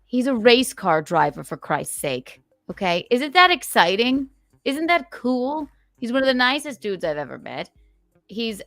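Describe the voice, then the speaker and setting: A woman's voice: mid-range voice, a bit bright, dry recording. A woman hosting a casual livestream, chatting and playfully reading out viewer donations. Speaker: livestream host.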